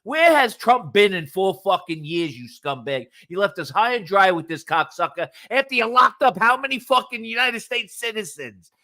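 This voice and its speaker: A man ranting loudly and swearing as a guest on a casual live stream. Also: high voice, animated, normal speed, hardly any pauses. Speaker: guest, host's husband.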